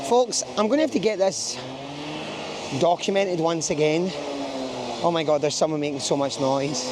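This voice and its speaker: A man's voice: fairly high pitch, expressive, moderate pace, pauses often, background noise. A man with a Scottish accent vlogging casually outdoors in a small town, chatty and jokey, rambling as he walks. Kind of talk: casual travel vlog to camera.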